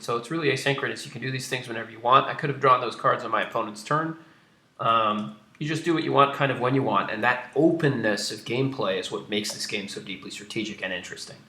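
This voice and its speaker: A man's voice: medium pitch, sharp tone, reverberant. A man on a live stream, explaining his strategy card game while he plays it and answering viewer questions with many fillers. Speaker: game designer streaming gameplay. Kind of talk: casual live-stream commentary.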